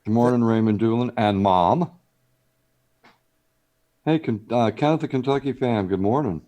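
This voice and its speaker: An easygoing man co-hosting a late-night live stream. His voice sits at an ordinary middle pitch, and he mostly chimes in with short agreeing replies. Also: expressive, normal speed, mellow. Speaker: co-host. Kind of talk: casual live-stream chat.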